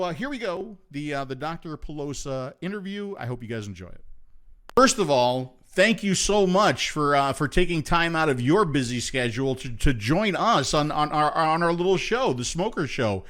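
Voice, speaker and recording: A man's voice: fairly high pitch, animated, moderate pace, a bit bright. A man hosting a live online show and interviewing a guest, loose and friendly, with many restarts. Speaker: show host.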